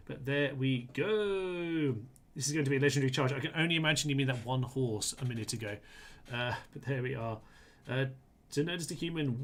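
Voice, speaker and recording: A man's voice: medium pitch, a bit bright. A man giving chatty live commentary on a strategy game, talking to his troops in a playful way and laughing often. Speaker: gaming streamer.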